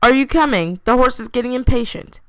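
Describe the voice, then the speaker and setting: A woman voicing a playful, energetic young airbender boy who shouts and teases. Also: on the high side, slow pace, no echo, voice pushed up, heavily acted. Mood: impatient. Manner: shouting, teasing.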